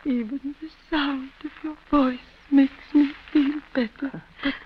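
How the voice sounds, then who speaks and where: An actress playing a frail, dying old aunt who speaks faintly and half in a whisper, in an old radio drama. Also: female voice, high voice, steady tone, a little slow. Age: older. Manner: faint, partly whispered, pleading. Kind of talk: 1930s radio drama acting. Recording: dull old radio recording with faint hiss.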